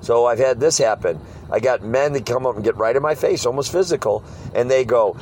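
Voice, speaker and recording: Animated man telling street-preaching stories. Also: medium pitch, fairly quick, hardly any pauses, a little hiss or hum, poor audio. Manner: animated storyteller, mimics hecklers. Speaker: street preacher leading a discussion. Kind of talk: casual group talk with acted-out quotes.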